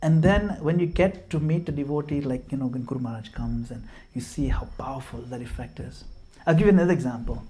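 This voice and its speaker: A man's voice: medium pitch, quick pace, few pauses, warm tone. A middle-aged man from Gujarat giving an informal devotional talk, telling stories and laughing at himself. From Gujarat, India. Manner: storytelling, laughs at himself, mixes in Hindi and Sanskrit verses. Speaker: speaker at a devotional home program.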